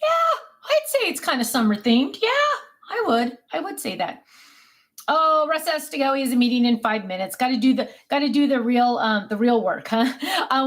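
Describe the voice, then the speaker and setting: A middle-aged woman hosts a craft channel livestream from her home office, chatting casually. She reads out viewer comments, rambles with lots of ums, and calls to her dogs in a high sing-song voice.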